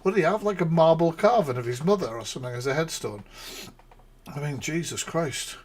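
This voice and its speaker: A man's voice: on the high side, animated, fairly quick, a little hiss or hum. A man hosting a live reaction stream, rambling and laughing, with sarcastic asides. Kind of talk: casual live-stream commentary.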